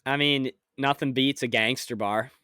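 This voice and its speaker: A man's voice: mid-range voice, fairly even intonation, normal speed, bright, forceful tone, clean tone, dry recording, studio quality. A man co-hosting a podcast, chatting in a laid-back way, chuckling and swearing casually. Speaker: podcast co-host. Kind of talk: casual chat.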